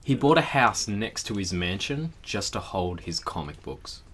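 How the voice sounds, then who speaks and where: A man's voice: fairly low pitch, sing-song, unhurried, a bit bright, a little hiss or hum. A young man co-hosting a casual podcast, rambling through anecdotes and laughing often. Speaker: podcast co-host. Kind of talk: casual chat.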